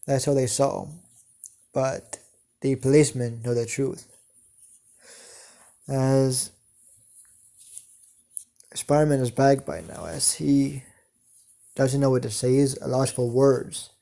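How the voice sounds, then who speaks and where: A man narrating an improvised fan story, halting and full of hesitations. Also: medium pitch, vocal fry, dark tone.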